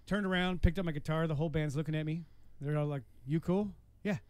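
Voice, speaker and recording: A man hosting a podcast, telling crude stories in a casual, animated way and swearing freely. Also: on the high side, fast, smooth, no echo. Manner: animated, swearing, acts out voices in his stories. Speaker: podcast host. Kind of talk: casual storytelling chat.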